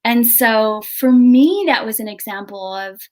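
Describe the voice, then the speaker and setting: A middle-aged woman hosting a casual video chat, telling a story in an animated way with halting restarts. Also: a little high. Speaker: host.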